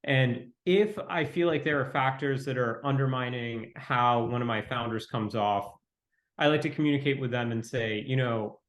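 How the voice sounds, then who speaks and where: A man speaking as an interview guest, talking quickly in a fairly flat, reflective way. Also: mid-range voice. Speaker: venture capitalist guest. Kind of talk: conversational interview. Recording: roomy echo.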